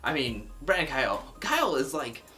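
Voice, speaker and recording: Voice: medium pitch, huge pitch swings, normal speed, sharp tone, soft background music. A vlogger giving a casual, opinionated recap of a reality show episode, talking freely with lots of "like" fillers.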